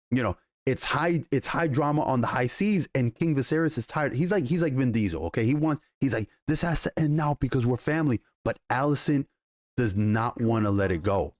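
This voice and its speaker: A man casually reviewing a TV episode, retelling scenes with excited, profane enthusiasm and quoted dialogue. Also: mid-range voice, dry recording, clean studio sound. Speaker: TV show reviewer.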